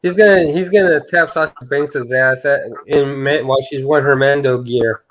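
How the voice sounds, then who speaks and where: A man's voice: medium pitch, normal speed, a bit bright. A man in a late-night group chat, laughing and goading the others with mock questions.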